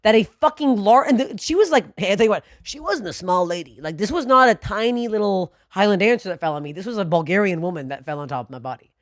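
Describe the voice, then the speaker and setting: A woman co-hosting a podcast, telling a story in a profane, animated way that swings from low muttering to loud bursts. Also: quick pace, hardly any pauses, dry recording, studio quality. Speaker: podcast co-host. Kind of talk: storytelling in casual podcast chat.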